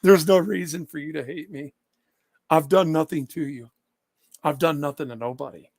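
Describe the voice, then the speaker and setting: Blunt, confrontational male streamer; high, gravelly voice, swears freely. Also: moderate pace, darkish tone, no echo. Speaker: livestreamer answering his chat. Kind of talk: casual livestream chat.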